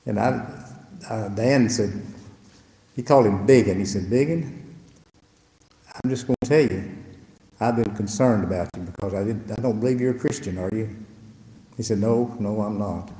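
An older pastor tells a story to his church in an unhurried, folksy way. His voice is mellow and dark. It rings out in a roomy hall with a long, echoing reverb. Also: on the low side. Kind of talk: storytelling testimony to a congregation.

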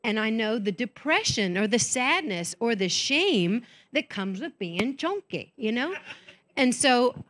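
A woman's voice: a little high, very animated, a little slow, fairly bright tone. A woman speaking at a women's conference. She tells candid, self-mocking stories and acts out the voices of the people she quotes. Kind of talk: conference talk.

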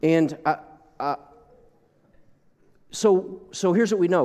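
A man's voice: sits high, slow, long pauses, dark tone. A man preaching a sermon as pastor, talking in a conversational way with asides to the congregation. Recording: long reverb of a large hall.

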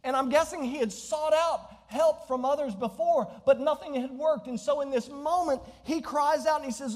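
High-pitched preaching pastor in a reverberant hall. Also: male voice, normal speed, few pauses. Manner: preaching, calls out to the congregation. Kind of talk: sermon.

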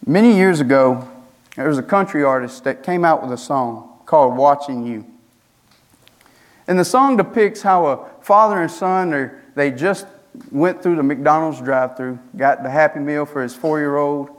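A young male student pastor preaching from the pulpit. His voice sits a little high for a man, and he drives his points home with strings of rhetorical questions and rising emphasis. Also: moderate pace. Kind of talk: sermon.

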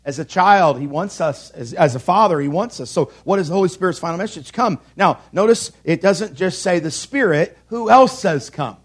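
A man's voice: high voice, expressive, normal speed, hardly any pauses, breathy edge. A man preaching a sermon from a church pulpit, emphatic, with repeated calls and rhetorical questions. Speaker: pastor.

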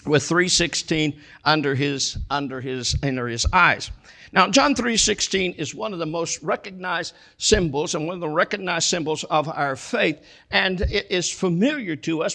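A man preaching a sermon as pastor, emphatic and stretching key words out slowly. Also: on the high side, a bit bright.

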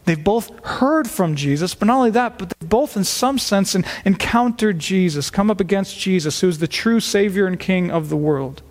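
Male pastor for a teaching sermon: high voice, emphatic, repeats his key words, long hall echo. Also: normal speed, few pauses. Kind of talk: expository sermon.

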